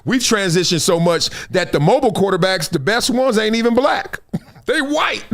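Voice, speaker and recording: Animated, high-pitched sports talk host. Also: male voice. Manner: animated, laughing, storytelling. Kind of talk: live sports talk stream.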